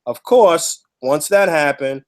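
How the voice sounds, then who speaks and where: Male podcast host, a bit high-pitched, emphatic and blunt in casual chat. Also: slow. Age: adult with a child. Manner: emphatic, profane, heated storytelling.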